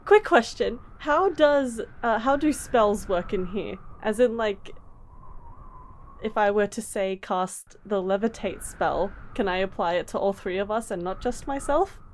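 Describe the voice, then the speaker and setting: A woman playing a tabletop game, describing her character's actions and prone to excited exclamations. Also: mid-range voice, a little slow, slight background noise. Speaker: player. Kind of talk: casual tabletop play.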